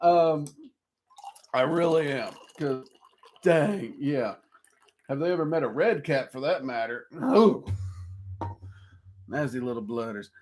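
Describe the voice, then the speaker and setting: A man's voice: a little high, animated, slow pace, long pauses, a little mellow. A man in his forties with a Southern drawl, casually hosting a livestream, answering viewer questions in a frank, rambling way with many ums. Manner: frank, rambling, with frequent ums and self-deprecating laughs. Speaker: host of occult livestream.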